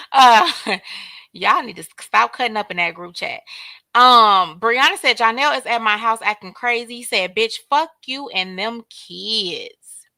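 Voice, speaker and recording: Bright high-voiced woman hosting a livestream. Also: measured pace, no echo. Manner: animated, talks straight to viewers, reads out chat names. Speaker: livestream host. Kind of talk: casual commentary chat.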